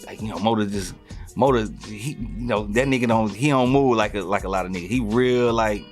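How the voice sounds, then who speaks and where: Fast-talking man telling stories. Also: lowish voice, soft background music. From North Carolina, US. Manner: animated, swears freely, many fillers and restarts. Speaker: podcast guest. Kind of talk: casual storytelling interview.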